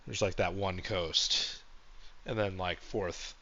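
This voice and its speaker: A man hosting a livestream, rambling through a comedic monologue with sarcastic, deadpan jokes. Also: sits low, slow, muffled recording. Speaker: streamer host.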